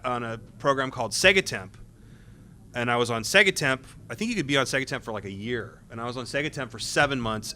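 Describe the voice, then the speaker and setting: A man speaking on a convention panel, telling loose, rambling stories about his time as a game tester, with frequent restarts and quick laughs. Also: medium pitch, bright, forceful tone.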